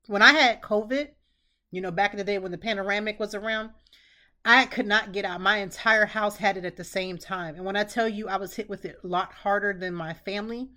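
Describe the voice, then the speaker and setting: A woman's voice: mid-range voice, a little fast, sharp tone. A middle-aged woman hosting a podcast, giving casual advice in an earnest way and repeating phrases for emphasis. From Pennsylvania, United States. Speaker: podcast host.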